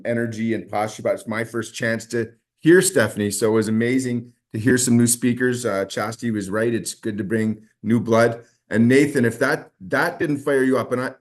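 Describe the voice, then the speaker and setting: A man hosts a motivational team call with an enthusiastic, rambling delivery. His voice sits at an ordinary mid pitch for a man.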